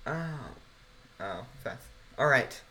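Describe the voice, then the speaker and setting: Brief: female co-host, unusually low register, wry and understated, with a faint hiss behind her. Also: lively intonation, takes it slowly, sharp tone. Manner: dry, wry asides. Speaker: podcast co-host. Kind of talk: casual chat over a video call.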